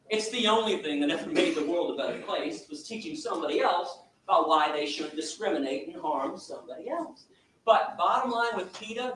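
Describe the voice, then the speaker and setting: A man from Michigan giving an impassioned speech to an audience and taking questions, telling his story in a fast, emphatic, animated way. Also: high voice. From Michigan, USA. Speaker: activist lecturer. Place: lecture room with audience. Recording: echoey room, distant mic, faint hiss.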